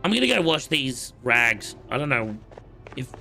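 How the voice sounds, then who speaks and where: A man's voice: medium pitch, sing-song, moderate pace, creaky, bright, forceful tone, soft background music. A man with an Australian accent, casually commentating his game on a live stream and bantering cockily with chat. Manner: playful, cocky banter with chat.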